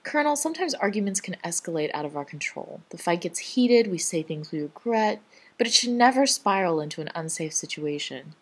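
A woman's voice: lowish voice, animated, fairly quick, breathy edge. A woman voicing a sincere, earnest young male doctor. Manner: firm then gently sincere.

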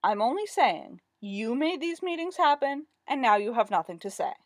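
A petulant young man, put on by a woman reader whines and sulks like a spoiled child. His voice is pushed high, with lively rises. The recording is close and dry. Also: normal speed, no room sound. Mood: sullen. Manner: whiny, sulky. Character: petulant, sullen young male theatre artist.

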